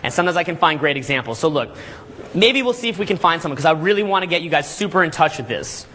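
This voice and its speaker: A man's voice: a little high, fast. A man coaching a live seminar audience, talking energetically and quizzing the room. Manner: animated, energetic, audience questions.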